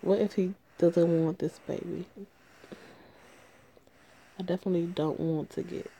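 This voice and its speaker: A woman reading the lines of an anxious young pregnant woman in a story game, in a low, gravelly voice. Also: steady tone, unhurried, mellow, slight background noise. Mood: worried. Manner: reads dialogue aloud plainly.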